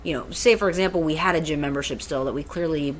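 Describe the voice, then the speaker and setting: Lowish rambling woman podcaster. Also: quick pace, a little hiss or hum. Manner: rambling, swears casually. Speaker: podcast co-host. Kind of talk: casual chat.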